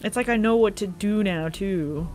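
A woman doing let's play commentary in a blunt, sarcastic and profane way, her pitch sitting in a middle range. Faint music runs quietly underneath her talk. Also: normal speed. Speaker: gaming video creator.

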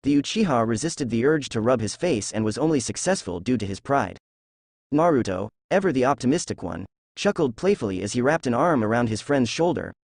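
A young man reading a fan-fiction story aloud at a steady, unhurried pace. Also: mid-range voice, creaky, no room sound, clean studio sound.

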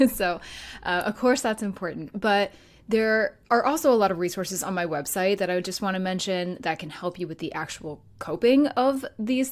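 A woman in her thirties hosts a solo podcast as a grief coach. Her voice sits a little low, and she talks in an easy conversational way with fillers and soft laughs. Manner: warm conversational, laughs lightly, many fillers.

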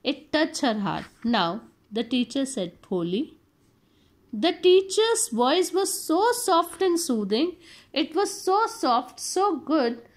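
A woman teacher reads a story passage aloud and then explains it in plain words. Her pace is unhurried and deliberate, with small hesitations as she looks for the right word. Her voice sits a little high. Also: big pitch swings, low-quality recording.

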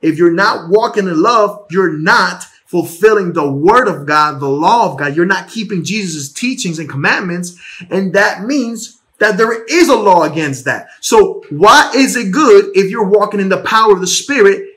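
Male preacher, high and bright, casual livestream Bible teaching on a phone at home, animated, restarts words. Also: moderate pace. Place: home bedroom.

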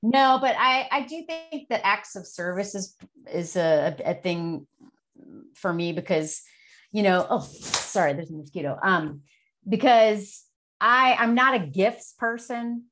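A frank woman in her forties chats as an interview guest, with a middle-pitched voice. She talks openly and casually, drops curse words without fuss and laughs easily between thoughts. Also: expressive, unhurried, fairly bright tone, a little hiss or hum. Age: 40s. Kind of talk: candid casual chat.

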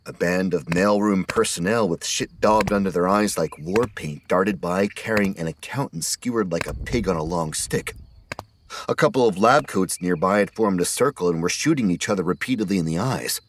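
A man narrating an audiobook horror story in a steady scripted reading. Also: sits low, moderate pace, slight background noise.

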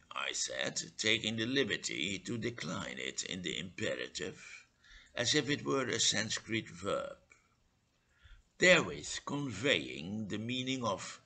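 A man reads a humorous short story slowly and with a lively, rising and falling delivery. His voice is bright but gravelly and a little husky, and his dry comic asides land at an unhurried pace. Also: on the low side, poor audio. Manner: measured, dryly comic reading with indignant asides. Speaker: storyteller and English teacher.

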